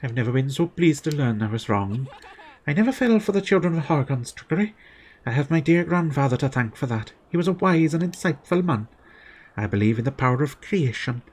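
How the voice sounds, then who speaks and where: Guy reading out a gentle holy sister from a game, earnest, quick, lively ups and downs. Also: fairly high pitch, pitched above the performer's own voice. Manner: reads game dialogue aloud quickly, plain voice. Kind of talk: reading game text aloud.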